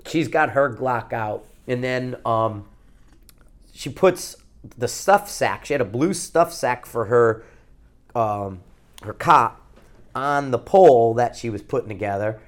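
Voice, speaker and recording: A man from Connecticut co-hosts a podcast and spins a long, meandering anecdote. His voice sits at an ordinary middle pitch. He curses freely and circles back on himself as the story unfolds. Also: takes it slowly. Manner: rambling, profane, animated anecdote-telling. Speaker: podcast co-host. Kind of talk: casual storytelling.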